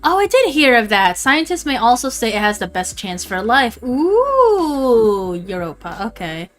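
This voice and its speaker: A woman's voice: a little high, lively intonation, moderate pace, fairly bright tone, faint music behind. A young adult woman chatting casually on a livestream, rambling and swearing freely. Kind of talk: casual stream chat.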